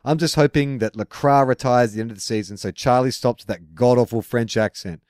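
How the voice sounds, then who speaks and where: A man co-hosting a sports podcast, chatting and reading a listener letter in a laid-back, low-key way. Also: brisk, a little mellow, clean tone, no room sound, clean studio sound. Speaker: podcast co-host.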